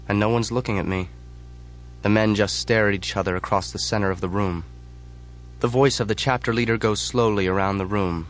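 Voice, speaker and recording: A man reading a first-person audiobook in a measured, flat delivery. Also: lowish voice. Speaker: audiobook narrator.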